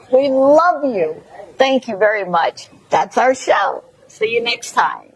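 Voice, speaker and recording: A woman's voice: a little high, lively intonation, slow pace, husky, rough recording. A woman with a Mississippi accent hosting a talk show, giving effusive, preacher-like encouragement to her audience.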